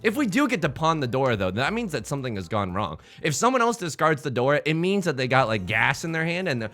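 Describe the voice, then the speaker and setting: A man's voice: on the high side, wildly swooping pitch, fast talker, few pauses, sharp tone, faint music behind. A young man from the United States giving casual, joking commentary while playing a game, rambling to himself and his viewers. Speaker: let's play host.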